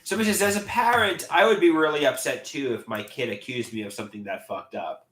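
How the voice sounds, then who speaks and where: A man live streaming and reading viewer comments aloud, talking in halting, repetitive bursts with many restarts. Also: on the high side, fairly bright tone, reverberant. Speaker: livestreamer.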